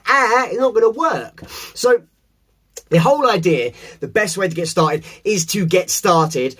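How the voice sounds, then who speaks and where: Playful host, high and lively, cursing his way through a pep talk to camera. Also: unhurried. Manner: swears often, animated and playful. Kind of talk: casual motivational monologue to camera.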